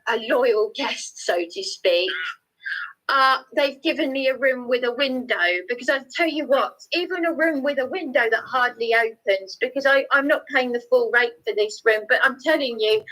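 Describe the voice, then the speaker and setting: A woman's voice: high voice, moderate pace, fairly bright tone. A distraught woman from England, pouring out her troubles on a phone call, stammering through restarts and raising her voice. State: distraught, near tears. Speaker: caller.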